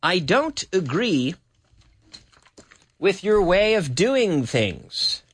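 A man teaching English on a radio show from a studio, chatting, laughing often and repeating phrases slowly for learners. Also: high-pitched, sing-song, fairly bright tone, slightly rough. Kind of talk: radio English lesson with translation drills.

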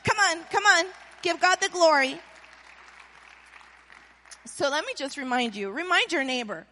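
A middle-aged woman preaching a sermon as pastor, animated, calling on the congregation to answer back. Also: very high-pitched, a little slow, some chatter behind, a little hiss or hum. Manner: animated preaching with call-and-response. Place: church. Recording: long reverb of a church hall.

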